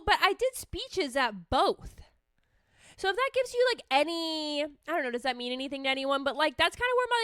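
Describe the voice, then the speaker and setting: A woman's voice: high voice, sharp tone, no echo, clean studio sound. A woman therapist hosting a casual solo podcast, talking candidly with lots of swearing and self-mockery. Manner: candid, chatty, swears freely, self-mocking.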